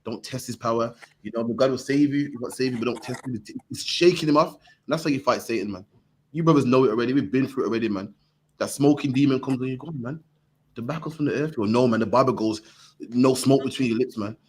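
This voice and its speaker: A man preaching to a group, punchy and forceful, ending his lines with "man". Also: mid-range voice, fast talker, a little hiss or hum. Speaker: street preacher teaching a group. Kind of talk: impassioned preaching.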